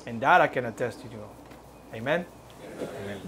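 A man's voice: medium pitch, expressive, normal speed, heavy background noise. Man giving a storytelling church testimony. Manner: storytelling, reenacting the dialogue; earnest, exhorting. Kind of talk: personal testimony at a church service.

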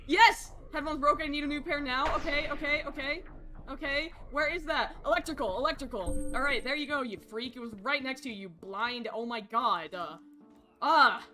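A woman streaming a horror game, yelling and swearing at the characters and then dropping into quiet asides. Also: high-pitched, over music. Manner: rapid swings to quiet asides.

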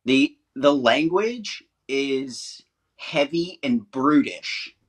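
A man's voice: medium pitch, expressive, very slow. A man co-hosting a talk show, chatting casually and explaining with rising emphasis. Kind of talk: casual chat.

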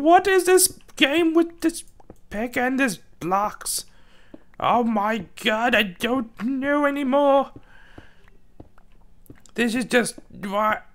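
A man doing a confused British granny. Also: exaggerated voice. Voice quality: quavery, high put-on voice. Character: confused, rambling old granny woman.

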